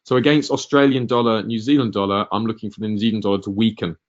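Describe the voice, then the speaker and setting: Hesitant low-voiced male webinar host. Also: level tone, fast, highs cut off. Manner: hesitant, many ums and uhs, restarts. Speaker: market analyst hosting a webinar. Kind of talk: live webinar Q&A.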